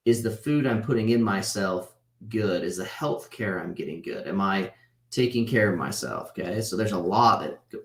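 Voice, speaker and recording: A man in his thirties teaches a casual class over a video call, his voice sitting on the low side. He talks loosely and conversationally, checking in with his students by tagging points with "right?". The sound carries a roomy echo. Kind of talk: casual online class lecture.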